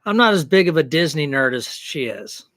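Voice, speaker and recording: A man's voice: a little high, sing-song, a little fast, fairly bright tone, dry recording, clean studio sound. A man co-hosting a casual live stream from a backyard, joking and teasing in good-natured banter. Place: backyard, outdoors.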